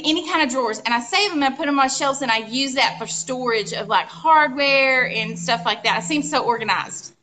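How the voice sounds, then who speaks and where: High, bright woman telling stories. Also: a little hiss or hum. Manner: animated, exclamatory storyteller with sound effects. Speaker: co-host of a live furniture painting show. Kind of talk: casual storytelling chat.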